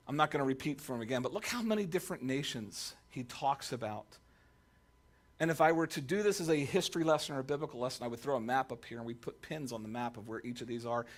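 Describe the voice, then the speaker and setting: A male pastor preaching a sermon to a congregation, telling jokey stories and acting out the quotes. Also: medium pitch. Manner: animated, jokey storytelling with voiced quotes. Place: church sanctuary.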